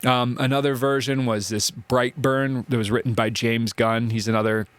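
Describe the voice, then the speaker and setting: A man with a medium-pitched, steady voice gives a casual classroom ethics lecture at normal speed, with no echo. He's chatty and conversational, often checking in with "right?" and using fillers like "like."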